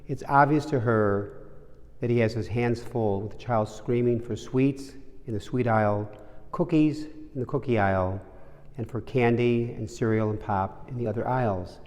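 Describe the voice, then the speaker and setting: Priest with a mellow voice in a cathedral. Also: male voice, medium pitch, moderate pace. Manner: warm storytelling, conversational. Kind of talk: sermon reflection. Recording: long reverb of a large cathedral.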